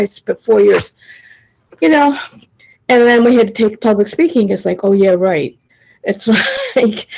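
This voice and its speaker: A woman sharing personally in a group video call, talking in a halting, rambling way with many restarts, emotional and confessional. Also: mid-range voice, vocal fry, darkish tone, low-quality recording. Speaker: study group member sharing.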